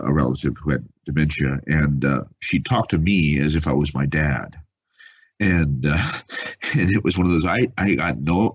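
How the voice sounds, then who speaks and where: A man being interviewed as an author, speaking haltingly and with emotion, often restarting his sentences. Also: extremely low pitch, breathy edge, dull audio. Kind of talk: conversational interview.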